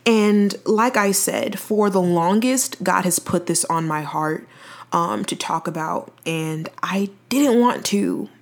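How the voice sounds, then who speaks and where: A young woman hosting a faith-based podcast, talking earnestly and emphatically, slowing down to stress her points like a preacher. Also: on the low side, gravelly. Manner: earnest, preachy, emphatic with dramatic slow-downs. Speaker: podcast host.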